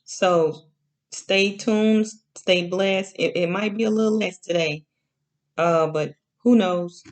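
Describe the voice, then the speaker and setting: Her lowish voice carries a slow, repetitive Bible lesson delivered like an informal sermon. She keeps asking "okay?" and draws out the words she wants to stress.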